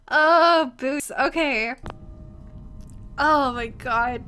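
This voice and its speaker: A woman's voice: very high voice, measured pace, a bit bright. A young woman live streamer, crying and gushing as she thanks viewers over and over for their donations. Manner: gushing, tearful, repeats thanks.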